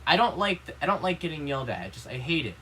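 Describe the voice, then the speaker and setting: A man's voice: fairly high pitch, big pitch swings, fast talker, sharp tone, rough recording. A young male vlogger speaks in a casual rant, earnest and upset. His speech rambles and is packed with "you know" and "like." A faint ambient hum sits under his voice.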